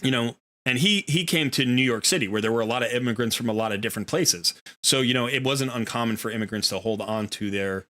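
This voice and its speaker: A man's voice: mid-range voice, fast talker, hardly any pauses, pushed and bright. A middle-aged American man hosting a game stream, talking in a rambling, casual way full of fillers and restarts. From United States. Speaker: streamer and host. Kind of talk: casual chat while gaming.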